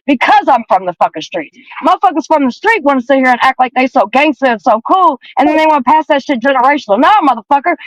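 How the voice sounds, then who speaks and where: A woman's voice: high-pitched, no echo, highs cut off. A middle-aged woman on a call-in panel, talking in a heated, profane, emphatic way. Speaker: panel guest. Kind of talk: heated casual chat. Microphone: phone or video call.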